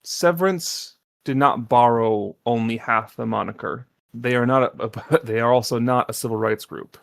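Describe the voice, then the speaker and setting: A man voicing an ancient informant who trades in secrets, a character he plays in a tabletop game, speaking in a measured, cryptic way. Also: medium pitch, vocal fry, no echo, natural voice. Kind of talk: voiced role in a tabletop game.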